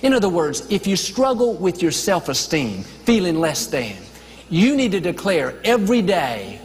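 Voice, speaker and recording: Emphatic preacher, high voice in a hall. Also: male voice, sing-song, moderate pace. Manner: emphatic, builds lists of declarations with rising and falling emphasis; playful asides with light chuckles. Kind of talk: motivational sermon.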